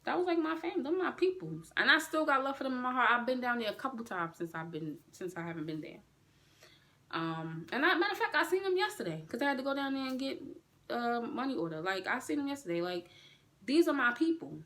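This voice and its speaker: Bright-voiced, animated woman venting. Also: quick pace. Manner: animated, profane, swings up in pitch when indignant. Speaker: vlogger. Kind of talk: storytime vlog, casual venting.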